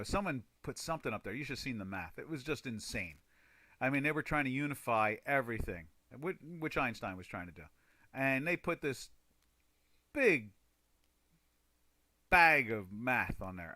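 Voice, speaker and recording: A man's voice: fairly low pitch, bright, forceful tone, no echo. A man hosting a casual trading chat, rambling over his charts, often restarting sentences and chuckling at himself. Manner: rambling, chuckling, self-interrupting.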